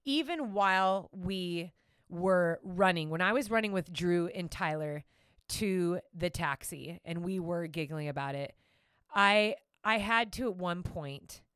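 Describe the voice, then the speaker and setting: A woman's voice: lowish voice, clean tone, no echo, studio quality. A woman telling a travel story in casual chat, giggling and acting out quotes. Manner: animated, giggly, acts out quotes.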